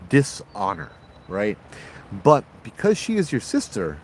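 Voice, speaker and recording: A man's voice: medium pitch, measured pace, slight background noise. Tipsy Hawaiian man telling ghost stories outdoors. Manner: relaxed, rambling, with local slang. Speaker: host, ghost-story teller. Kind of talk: casual spoken storytelling. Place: outdoors at night.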